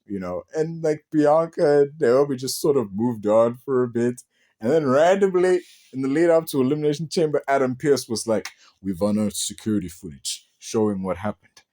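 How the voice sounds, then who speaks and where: A man hosting a casual spoken wrestling review, animated and rambling, swearing casually as he talks. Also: medium pitch.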